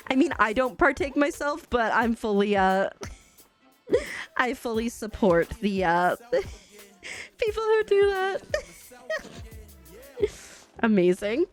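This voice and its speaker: A woman's voice: on the high side, wildly swooping pitch, drawn-out words, long pauses, soft background music. A chatty woman with a light Canadian accent, laughing often as she talks casually to her live-stream chat while gaming. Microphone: desk microphone.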